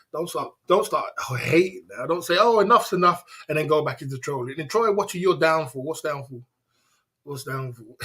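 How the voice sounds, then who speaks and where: A man's voice: a little high, a bit bright, husky. A man hosting a casual livestream chat, rambling and defiant, often laughing and asking "you know what I mean". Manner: defiant, boastful. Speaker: livestream host.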